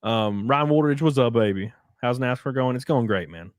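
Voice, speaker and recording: Reading through viewer comments on his stream, this rural Alabama race car driver talks at a moderate pace in a mid-range Southern voice, laughing often and cursing without restraint as he rambles. The mic is dry, with no room sound.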